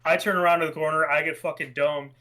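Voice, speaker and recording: A young man co-hosting a podcast, telling gaming stories in a lively, casual way and acting out the voices in them. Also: a little high, fast talker. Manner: animated storyteller, acts out voices in his anecdotes. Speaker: podcast co-host. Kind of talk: casual chat.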